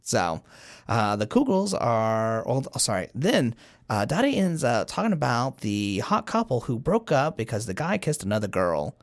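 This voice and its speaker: A man co-hosting a casual podcast, retelling cartoon episodes with a lively, swooping voice that jumps up whenever he mimics a character. The sound is close and dry, with no room around it. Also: mid-range voice, moderate pace, dry recording. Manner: animated retelling, acting out characters' lines. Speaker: podcast co-host. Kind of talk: casual chat recapping cartoons.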